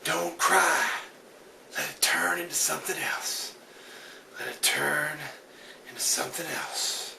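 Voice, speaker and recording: A man doing an impression of an intense male movie hero, in a breathy half-whisper. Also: a little high, unhurried, long pauses, bright, forceful tone, echoey room, recorded from a distance, slight background noise, voice pushed up, full character voice.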